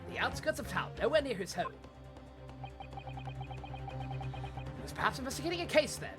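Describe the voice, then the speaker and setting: Woman putting on a pompous theatrical gentleman detective. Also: sits high, very animated, measured pace, over music. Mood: inquisitive. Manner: grandiloquent, old-fashioned phrasing. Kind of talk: reading game dialogue aloud.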